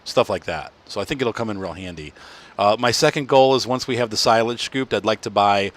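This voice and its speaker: Brisk and fairly low-pitched, the man running this casual farming game playthrough sounds tired. As a gaming channel host, he rambles on, stifles yawns, and corrects himself mid-thought.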